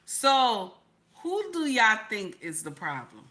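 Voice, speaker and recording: A woman reacting live to a clip and reading her chat aloud, loud and laughing, repeating her questions over and over. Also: medium pitch, sing-song, slow.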